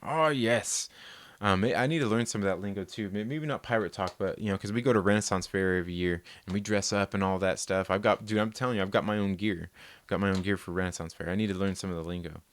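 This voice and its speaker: Laid-back low-voiced man on a livestream. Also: steady tone, fast talker. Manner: rambling, laid-back, laughs often. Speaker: live-stream host. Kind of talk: casual live-stream chat, reading viewer comments.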